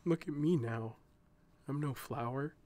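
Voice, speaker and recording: A man voicing a kind, heartbroken male flower in an audio storybook, speaking slowly and quietly through tears. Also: on the high side, vocal fry. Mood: tearful. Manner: slow, quiet and tearful.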